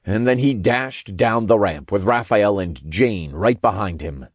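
Male narrator, very low voice, lively delivery, dry close sound. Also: unhurried, hardly any pauses, no room sound. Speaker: audiobook narrator. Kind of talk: first-person novel narration.

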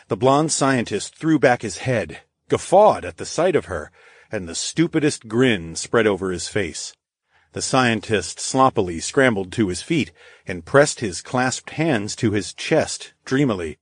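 A man giving expressive first-person narration of a story. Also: lowish voice, unhurried, breathy edge, no echo, clean studio sound. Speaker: audiobook narrator.

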